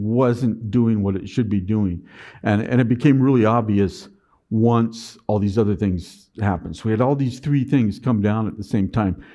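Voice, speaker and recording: A middle-aged man speaking at a conference, telling a personal business story and acting out his past self in an animated way. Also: lowish voice, highs cut off.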